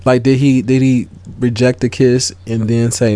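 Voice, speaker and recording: A man's voice: medium pitch, big pitch swings, normal speed, mellow. A man co-hosting a casual podcast chat, earnestly explaining his point with many restarts. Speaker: podcast co-host.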